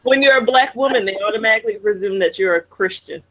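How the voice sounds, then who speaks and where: A woman co-hosting a casual chat show, reading viewer comments and telling stories in a candid, animated way. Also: medium pitch, fast talker, rough recording. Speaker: podcast co-host.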